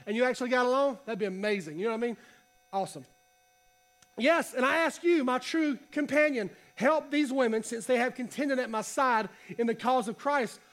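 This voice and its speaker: A man preaching a casual sermon to a congregation, reading scripture and talking in a conversational, animated way. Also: very high-pitched. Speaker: pastor. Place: church hall.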